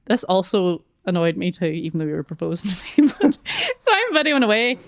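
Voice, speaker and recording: A woman co-hosting a relaxed podcast, telling her story with lively energy and acting out the dialogue. Her voice is smooth and rather low for a woman. The sound is dry and close. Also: a little fast, dry recording. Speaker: podcast co-host. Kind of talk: casual storytelling chat.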